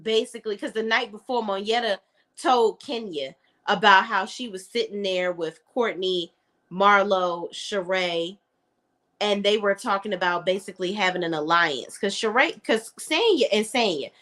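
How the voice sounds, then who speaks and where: A woman's voice: mid-range voice, normal speed, a bit bright. A woman reviewing a reality show in a casual, blunt, opinionated chat.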